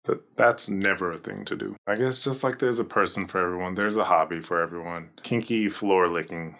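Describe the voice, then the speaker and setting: A man with a gravelly, fry-edged voice sitting a little low in pitch. He comments in a loose, jokey way, laughing often as he reacts. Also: brisk, fairly bright tone. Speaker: reaction video host.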